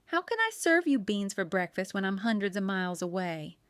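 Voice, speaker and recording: A woman reading an audiobook, voicing a fiery, warm-hearted woman baker who gets exasperated and theatrical. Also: mid-range voice, very animated, a little fast, clean tone, dry recording, studio quality.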